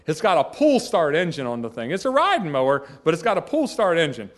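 A middle-aged man with a voice pitched a touch high. He tells a story in a casual, rambling way, stopping and restarting his sentences with folksy asides. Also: wildly swooping pitch, fairly quick. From Georgia, US. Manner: rambling, self-interrupting, folksy.

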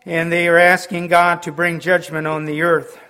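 Halting preacher, man, slightly high voice. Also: little pitch movement, bright, forceful tone, clear, resonant tone. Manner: halting, with frequent ums and restarts. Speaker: pastor. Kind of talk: sermon.

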